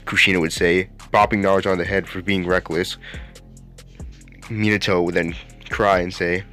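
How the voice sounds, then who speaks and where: A man's voice: low voice, little pitch movement, a little fast, a bit bright, soft background music. A man hosting a YouTube channel and narrating a fan-made anime what-if story in a casual, rambling way. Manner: casual, rambling, with fillers and restarts. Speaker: YouTube host.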